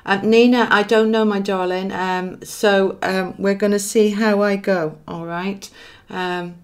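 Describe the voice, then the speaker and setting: Speaking at a measured pace with fairly even intonation, a woman from Wales gives a live tarot reading in her mid-range voice. Her manner is chatty; she reasons aloud as cards come up and refers to viewers fondly as darling.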